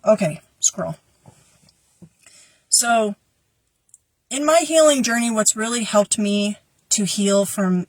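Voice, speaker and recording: A woman's voice: medium pitch, no echo. A woman hosting a casual spiritual guidance talk, chatty and prone to tangents. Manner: chatty, tangents, laughs easily.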